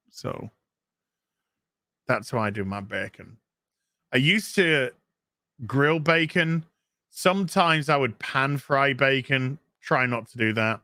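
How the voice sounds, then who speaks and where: Chatty, animated male stream host. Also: fairly high pitch, no room sound, clean studio sound. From England. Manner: animated, chatty, reads donor messages aloud. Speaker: live stream host reading donations. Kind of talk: casual live stream chat.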